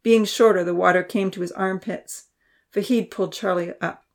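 A woman narrating a children's storybook, voicing the characters with a higher pitch and dropping to a whisper for quiet thoughts. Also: fairly even intonation, normal speed. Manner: reads characters' lines with raised pitch and soft whispers.

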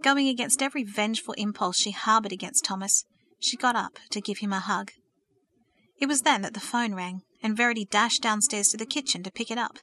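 A woman narrating a story aloud in a steady, expressive manner. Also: medium pitch, fairly quick.

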